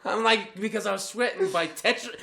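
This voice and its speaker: A man's voice: high-pitched, moderate pace, gravelly, over a noisy crowd. A young man co-hosting a podcast, telling a profane story in casual chat and laughing often as he talks. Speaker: podcast co-host.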